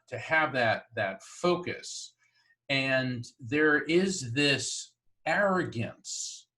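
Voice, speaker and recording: A man, a psychic medium, chatting in an interview and telling lively stories with frequent laughs. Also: mid-range voice. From Florida, US. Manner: chatty, laughs often, animated storyteller. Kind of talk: storytelling in an interview.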